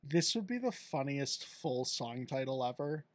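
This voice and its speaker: A man's voice: medium pitch, big pitch swings, measured pace, no room sound, clean studio sound. A man co-hosting a music podcast in casual chat, laughing often and riffing on hypothetical scenes. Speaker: podcast co-host.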